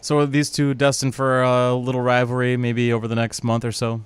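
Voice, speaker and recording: A man's voice: medium pitch, completely flat delivery, brisk, clear, resonant tone, dry recording. A man hosting a podcast in casual chat, a little hesitant as he moves it to the next topic. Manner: hesitant, filler-heavy, steers the topics.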